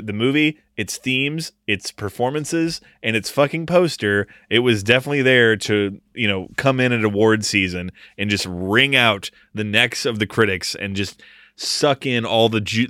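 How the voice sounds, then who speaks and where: Male podcast host, thirties, rambling casual delivery, smooth clear tone. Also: lowish voice, animated, measured pace, sharp tone, no echo, clean studio sound. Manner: rambling, filler-heavy delivery.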